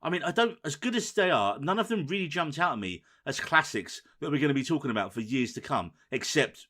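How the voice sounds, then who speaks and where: Bright-voiced male podcast host. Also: a little high, animated. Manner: brisk, runs the show, teasing. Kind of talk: casual podcast chat.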